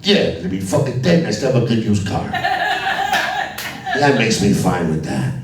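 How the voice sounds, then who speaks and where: A man's voice: medium pitch, huge pitch swings, a little slow. A man from Alabama doing a crude, profane stand-up comedy set on a club stage. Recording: echoey club from a distance with crowd laughter.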